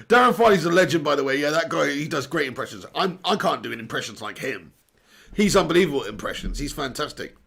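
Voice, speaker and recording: Brief: young English man hosting a live football watch-along, blunt and chatty, hoarse from strep throat. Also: fairly high pitch, big pitch swings, fairly quick, fairly bright tone. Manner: chatty, blunt, reads out viewer comments. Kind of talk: live casual commentary reading chat.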